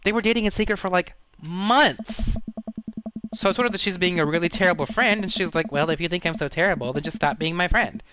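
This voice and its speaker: A man's voice: high voice, brisk, background noise, voice pushed up, lightly acted. A man reading as a hurt, dramatic teenage girl. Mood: indignant. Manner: rambling, dramatic gossip storytelling.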